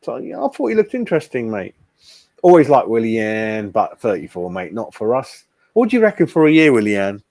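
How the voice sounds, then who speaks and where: A man's voice: mid-range voice, very animated, normal speed, a little mellow, no echo. Chatty man, blunt and rambling. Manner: blunt, chatty, keeps saying mate. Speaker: fan channel host. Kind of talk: casual live-stream chat.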